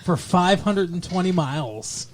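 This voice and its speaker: A man co-hosting a movie podcast in casual chat, joking, laughing often and slipping into quick impressions. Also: high voice, lively intonation, slight background noise. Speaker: podcast co-host.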